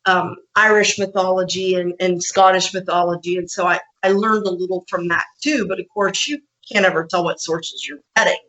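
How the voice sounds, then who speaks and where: Woman host telling animated stories. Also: fairly low pitch, fairly quick, few pauses, low-quality recording. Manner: animated storyteller, laughs often, acts out quotes. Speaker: podcast host. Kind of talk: casual interview storytelling.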